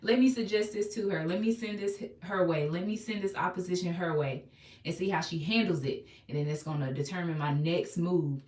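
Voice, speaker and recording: A woman's voice: fairly low pitch, a little fast, darkish tone, lightly acted. A woman voicing a scheming male devil who taunts and plots against someone. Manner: sly, taunting, repeating "you'll never". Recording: echoey room, far from mic.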